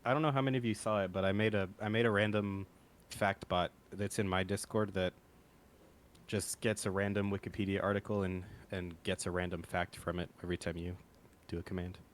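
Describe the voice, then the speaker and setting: A man's voice: deep voice, level tone, brisk. A man in a casual group voice chat, laid-back and a little hesitant as he talks. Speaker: software developer, chat participant.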